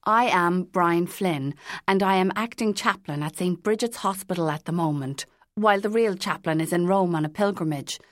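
A woman's voice: lowish voice, moderate pace, no echo, clean studio sound, close to an everyday voice. A woman voicing a kindly male priest who works as an acting chaplain and speaks in an earnest, polite way.

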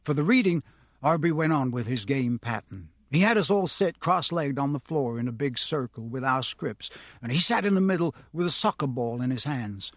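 A man's voice: mid-range voice, expressive, normal speed, no room sound. A man narrating a novel aloud, shifting his voice up for the characters he quotes. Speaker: audiobook narrator.

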